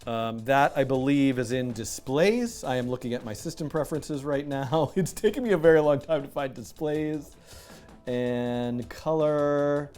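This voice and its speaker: A man hosting a live coding stream, chatting casually, animated and self-mocking, laughing often. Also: medium pitch, measured pace, soft background music. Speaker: livestream coding host. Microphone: headset with music in his ear.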